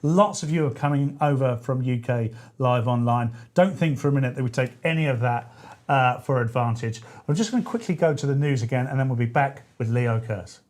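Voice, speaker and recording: A man's voice: mid-range voice, brisk, darkish tone. A man hosting a talk radio show, chatty and rambling, often correcting himself mid-sentence. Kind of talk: casual talk radio chat.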